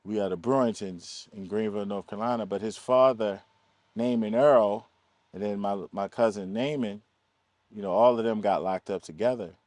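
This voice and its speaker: Man from telling lively stories. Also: lowish voice, normal speed, dry recording. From East Baltimore, USA. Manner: animated, acts out quoted voices, laughs often. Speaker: film producer, guest. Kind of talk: casual interview storytelling.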